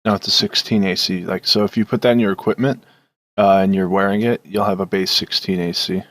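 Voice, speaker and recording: A man's voice: low-pitched, fairly even intonation, a little fast, fairly bright tone. A man acting as game master, describing the action and explaining rules at length in casual table talk.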